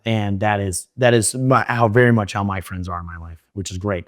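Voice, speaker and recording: Young guy, lowish voice, talks super fast with lots of "you know" and restarts. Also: steady tone, no echo, clean studio sound. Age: young adult. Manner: fast, run-on talk with many fillers and restarts. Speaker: interview guest. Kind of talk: candid interview storytelling.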